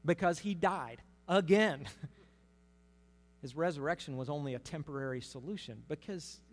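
A man giving conversational Bible teaching, telling the story in a lively way with humorous asides. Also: a little high, measured pace. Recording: long hall reverb.

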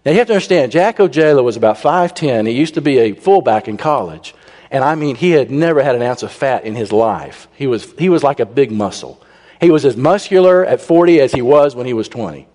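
A man telling a humorous personal story to a congregation, animated and acting out the people he quotes. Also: medium pitch, fairly quick. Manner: animated, raises his voice when he quotes people. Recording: long reverb in a large hall.

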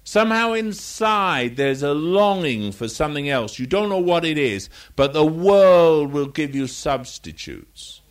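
A man's voice: fairly high pitch, animated, unhurried, few pauses. An older man preaching a sermon in a conversational, rambling style, drifting into anecdotes and correcting himself as he goes.

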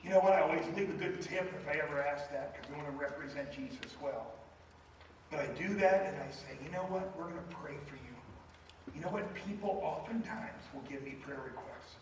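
A man's voice: on the high side, brisk. A man preaching a sermon, telling stories in a conversational way and leading a closing prayer. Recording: echoey room from a distant mic with faint noise.

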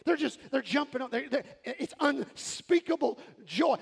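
A man preaches with a high, gravelly voice. His sermon is animated, and he often breaks into shouts. A long reverb from the sanctuary and a faint congregation sit behind him. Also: normal speed, hardly any pauses. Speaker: pastor. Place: large church sanctuary. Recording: crowd in a reverberant church hall.

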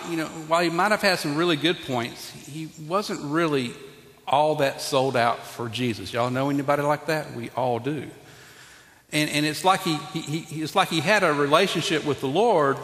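A man's voice: on the high side, a bit bright. Folksy male pastor in an echoey hall. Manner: folksy, conversational preaching with asides to the congregation; repeats and restarts words often. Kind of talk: sermon. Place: church sanctuary. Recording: echoey hall with long reverb.

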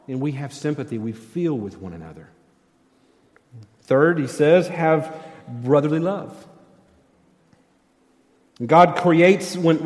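A man's voice: a little high, a little mellow. A middle-aged male pastor preaching a sermon in a church sanctuary, conversational and wry, with self-deprecating humor. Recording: long church hall reverb.

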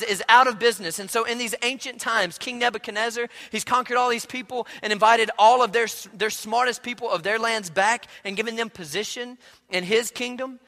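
A male pastor preaching a sermon in a relaxed, conversational storytelling way, often repeating words as he goes. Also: very high voice, creaky, long reverb tail.

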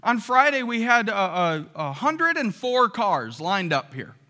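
A pastor with a high, sharply bright voice preaches to his church congregation in a loose, conversational way. He keeps turning to the room with questions and little "right?" checks. His words ring out with a long hall reverb. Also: sing-song, unhurried. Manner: asks the congregation rhetorical questions, often tags "right?". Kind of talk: conversational sermon.

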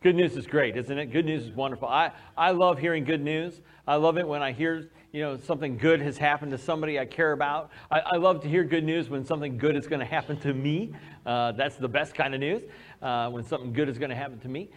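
A man preaching a sermon as pastor, telling a personal story with animated, acted-out quotes. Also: on the high side, fast.

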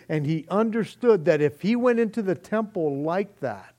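A male pastor preaching a sermon in a lively, animated way, acting out quoted speech and often saying "man". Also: high voice, moderate pace.

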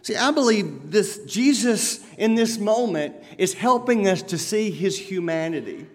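A man preaching a sermon as pastor, swinging between loud emphatic lines and quiet lowered ones. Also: lively intonation, unhurried, in a large hall.

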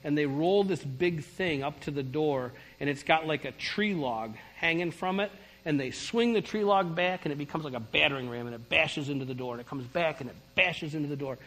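Brief: middle-aged male preacher, husky, emphatic testimony sermon, reverberant church hall. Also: a little high, brisk, few pauses. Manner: storytelling, animated, emphatic. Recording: long reverb of a large hall.

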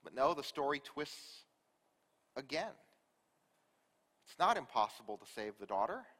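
A man preaching a sermon, telling a story with rhetorical questions and dropping from loud to quiet. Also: medium pitch, sing-song, a little slow, in a large hall. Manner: storytelling, rhetorical questions, big swings in loudness.

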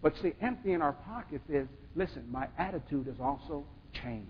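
Husky preaching man in a reverberant hall. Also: fairly high pitch, animated, normal speed. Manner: call-and-response preaching, rising to emphatic bursts. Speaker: pastor. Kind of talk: sermon. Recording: dull sound with long hall reverb.

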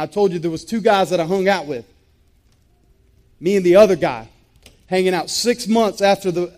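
A man with a high, darkish voice gives an intense personal testimony. He tells his story emphatically, repeating phrases for weight.

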